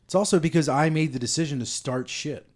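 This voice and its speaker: A man's voice: a little high, quick pace, a little mellow. A man co-hosting a comedy podcast, telling a bar-fight story casually and profanely. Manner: profane storyteller, drops into quoted voices. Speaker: podcast co-host.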